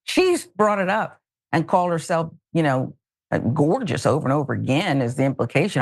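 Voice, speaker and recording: A woman with a Southern American accent hosts political commentary in a sarcastic, exasperated way. Her voice swings widely up and down with a gravelly edge. The sound is dry and close. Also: rumbling low, big pitch swings, a little fast, no room sound. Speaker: host.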